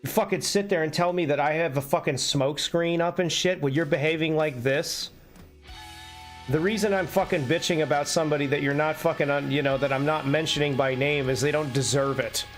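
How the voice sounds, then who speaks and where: A man's voice: on the high side, steady tone, a little fast, faint music behind. Hot-headed, foul-mouthed male streamer. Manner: heated, profane and blunt, swearing constantly. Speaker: live streamer. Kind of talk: unscripted live-stream rant.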